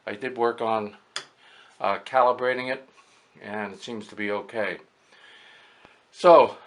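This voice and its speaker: An older man, an amateur radio operator, casually talking through an equipment demonstration step by step, pausing often as he works. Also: lowish voice, fairly even intonation. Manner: talks through each step as he works, with many pauses.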